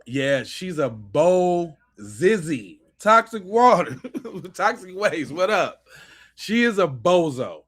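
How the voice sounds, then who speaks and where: A man hosting a live podcast, reacting to clips with loud mocking outbursts and slangy banter. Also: high-pitched, very animated. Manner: quiet rapid aside to viewers. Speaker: podcast host. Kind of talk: live-stream reaction commentary.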